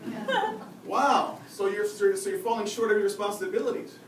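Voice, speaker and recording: High-voiced man lecturing in an echoey room. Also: moderate pace. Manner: lively, asks the audience questions, "right?" often. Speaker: behavior and communication expert giving a talk. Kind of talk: live seminar talk to an audience. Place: lecture room at a faculty club. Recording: roomy, distant mic with audible noise.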